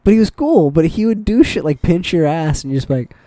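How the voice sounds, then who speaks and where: Speaking briskly in a slightly high voice, a man co-hosting a podcast swaps work stories in a casual, swearing conversation. He tells them animatedly, quoting and acting out what others said. The recording is dry.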